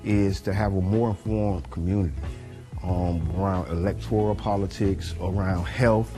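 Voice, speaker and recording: A man's voice: low-pitched, fairly even intonation, normal speed, over music. A man co-hosting a community podcast, speaking in an earnest, informative way. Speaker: podcast co-host. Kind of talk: casual interview talk.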